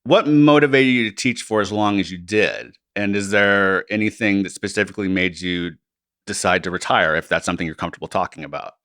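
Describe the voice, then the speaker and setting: Low, bright-voiced young interviewer, man. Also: fairly quick, no echo, clean studio sound. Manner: long, carefully hedged questions. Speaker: interviewer, former student. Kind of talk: casual interview questions.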